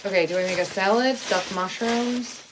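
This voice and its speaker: A woman's voice: mid-range voice, moderate pace. Mom vlogging in her kitchen, fed up and cussing, noisy phone recording. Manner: frustrated venting, swearing. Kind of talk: casual vlog monologue. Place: home kitchen.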